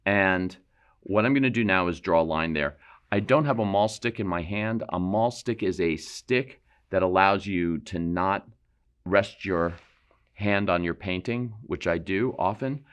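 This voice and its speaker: A man with a low voice walks through a painting demo. He explains each term while he works, in a loose, thinking-aloud way with self-deprecating asides. He sounds like he is in a studio. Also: a little slow, fairly bright tone, smooth. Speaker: painting instructor. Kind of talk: painting demonstration.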